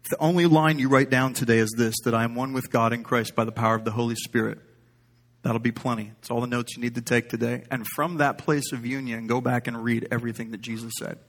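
A man's voice: mid-range voice, fairly even intonation, fast talker. A man preaching a sermon in a conversational, humorous style, wandering off into stories. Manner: conversational, humorous, rambling storyteller.

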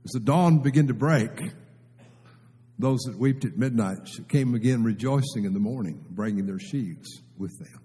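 A middle-aged man preaching a sermon with great emotion, tearful, swinging from hushed, slow phrases to soaring, impassioned lines. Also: mid-range voice, slightly rough. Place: church sanctuary. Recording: long reverb of a large hall.

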